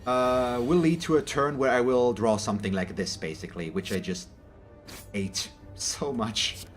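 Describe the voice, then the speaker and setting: A man's voice: medium pitch, moderate pace, faint music behind. A man from Germany, a native German speaker, giving casual, rambling gameplay commentary in English and often correcting himself mid-sentence. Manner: rambling, self-correcting, chatty. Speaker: gaming channel host.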